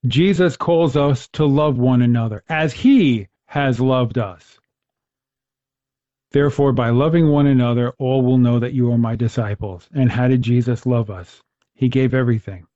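A man hosting a casual conversation about faith speaks earnestly, telling stories and restarting his sentences as he thinks. His voice is mellow, at an ordinary pitch. The sound is dry and close, with a slightly muffled, lo-fi quality. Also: no room sound. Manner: earnest, storytelling, with frequent restarts. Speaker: host.

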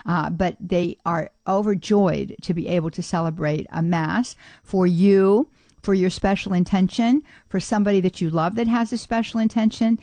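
A woman hosting a radio talk show, chatting casually with listeners and often pausing on "uh" fillers. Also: lowish voice, dry recording. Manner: chatty and warm-hearted, many "uh" fillers, laughs easily.

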